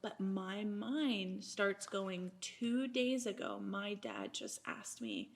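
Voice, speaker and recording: A young woman appears as a podcast guest to share her personal faith testimony. She retells the events animatedly, often quoting people and bursting into laughter, in a mid-range voice at an unhurried pace.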